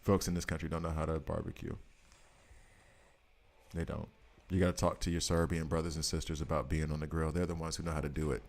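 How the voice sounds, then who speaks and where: This gaming streamer, a man in his thirties, chats and jokes casually with viewers while playing a mobile game. He speaks fast in a very deep, gravelly, darkish voice with little pitch movement, leaving long pauses.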